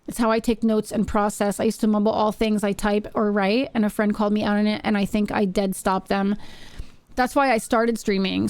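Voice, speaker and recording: A woman's voice: mid-range voice, a little mellow, dry recording. A woman live-streaming from her home setup, chatting casually with her viewers in a rambling way and often repeating her phrases. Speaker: Twitch streamer.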